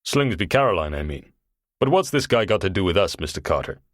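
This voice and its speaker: A man voicing a young, wealthy man who speaks slowly and with control, in a deep, resonant voice, for an audiobook. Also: very animated, no echo, clean studio sound. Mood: cool. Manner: slow and controlled.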